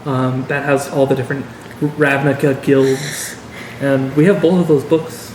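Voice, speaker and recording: A man's voice: medium pitch, flat delivery, unhurried, darkish tone. A man in casual chat who explains eagerly and corrects others with confidence. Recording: roomy with faint noise.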